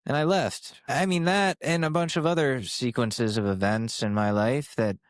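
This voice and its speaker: A man in his twenties hosts his own podcast, delivering a casual solo monologue that's sarcastic, rambling and profane. His voice is medium-pitched and steady at a moderate pace, recorded dry on a studio microphone with a compressor.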